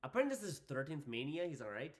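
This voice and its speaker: Young man, excitable, high voice, very lively delivery, casual vlog host. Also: racing. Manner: excitable, hyping things up with repeated phrases. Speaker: wrestling channel host.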